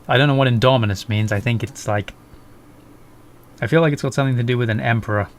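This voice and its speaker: A man's voice: mid-range voice, quick pace, a little hiss or hum. A young man casually commenting while he plays a game, rambling, swearing and poking fun at himself. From England. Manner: rambling, sweary, self-mocking. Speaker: gaming YouTuber. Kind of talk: casual let's play commentary. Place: home, English countryside.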